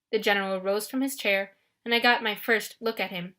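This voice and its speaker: Brief: expressive woman reading an audiobook, bright and crisp. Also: medium pitch, brisk. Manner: expressive first-person storytelling. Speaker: audiobook narrator. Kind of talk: scripted audiobook narration.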